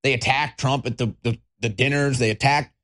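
A man's voice: medium pitch, fairly even intonation, moderate pace, fairly bright tone. A man hosting a political talk show, ranting in a combative, mocking way and swearing freely. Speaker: political commentary host. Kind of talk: angry political rant.

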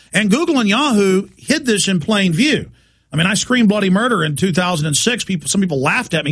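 Gravelly, ranting talk radio host. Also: male voice, fairly high pitch, fairly bright tone. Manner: heated, ranting, emphatic.

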